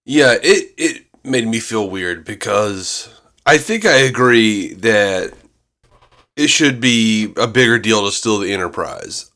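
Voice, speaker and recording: A man's voice: lowish voice, lively intonation, slow, sharp tone. A man co-hosting a podcast in casual review chat, blunt and mocking, often laughing. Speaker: podcast co-host.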